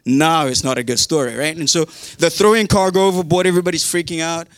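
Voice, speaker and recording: A man's voice: fairly high pitch, steady tone, fast talker, fairly bright tone, no echo, studio quality. A man preaching a casual sermon, retelling a Bible story in a chatty, humorous way with modern slang.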